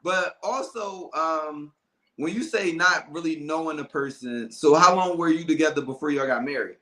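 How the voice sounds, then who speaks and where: Man, podcast host, higher bright voice, slangy and relaxed, roomy echo. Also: moderate pace. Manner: loose, slangy, reads out live chat. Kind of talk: casual podcast chat.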